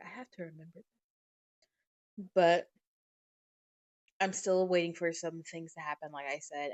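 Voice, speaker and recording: A woman hosting a podcast, telling family stories in a casual, animated way and swearing freely. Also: fairly low pitch. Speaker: podcast host. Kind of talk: casual storytelling monologue. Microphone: podcast microphone.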